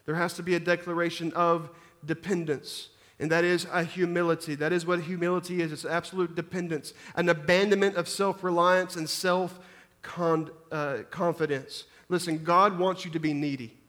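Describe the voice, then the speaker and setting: A man's voice: on the high side, little pitch movement, normal speed, a bit bright, long reverb tail. A man, a pastor, preaching a sermon, often restarting and repeating words as he speaks. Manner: preaching with frequent restarts and repetitions.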